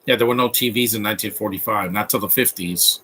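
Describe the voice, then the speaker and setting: A man's voice: on the low side, quick pace, bright, forceful tone, slight background noise. A man in his thirties giving live movie commentary, opinionated and rambling, often restarting his sentences.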